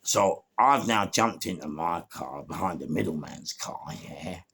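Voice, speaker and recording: A low, gravelly London man spins a crime story in a loose, casual monologue, acting out the voices of people in it. His voice is slightly husky and he swears freely as he talks. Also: animated, a little slow, a bit bright. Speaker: storyteller recounting crime stories.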